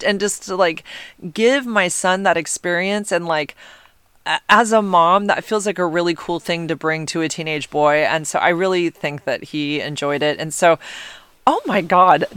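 A woman's voice: lowish voice, smooth, dry recording, studio quality. A middle-aged woman telling a story casually to her audience, gushing and rambling with many fillers. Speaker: vlogger, mother.

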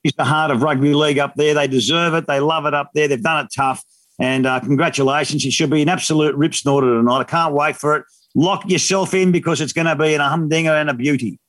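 A man's voice: fairly high pitch, fast, no echo. A man in his fifties with an Australian accent, chatting casually as a guest and telling stories with slang and laughter. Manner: animated storyteller, slangy and laughing. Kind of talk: casual radio chat.

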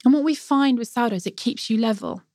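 A woman's voice: fairly high pitch, fast talker, a little mellow, no echo, clean studio sound. A woman, a sourdough expert, talking enthusiastically and emphatically in a casual interview. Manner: enthusiastic, emphatic, laughs easily. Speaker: sourdough baking expert guest.

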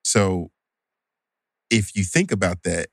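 Low-voiced man, measured co-host. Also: vocal fry, a bit bright, no room sound, studio quality. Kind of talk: casual podcast conversation.

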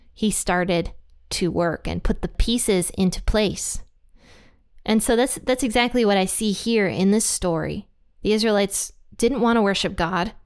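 A woman's voice: medium pitch, clear, resonant tone. A woman giving a casual, conversational Bible study talk as the host of her channel, mixing scripture with personal stories. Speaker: Bible teacher.

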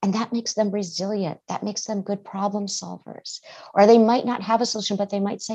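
A woman therapist guest on a podcast, giving measured, reflective advice and sometimes restarting her words. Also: mid-range voice, steady tone, mellow, dull audio. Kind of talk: advice-giving interview answers.

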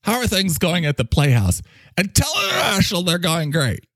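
A man's voice: sits high, very animated, a bit bright, no room sound, exaggerated voice. A man voicing a pompous, bossy male playhouse leader in an improvised comedy bit, stretching his words out grandly. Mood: grandiose. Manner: drawn-out, bossy, grandiose delivery.

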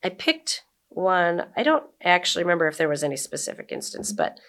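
A woman's voice: on the low side, brisk. A woman in her forties, a guest chatting casually in an interview and then reading her own blog aloud. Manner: relaxed and chatty, reads with emphatic quoted lines. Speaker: guest, blogger and brewery owner.

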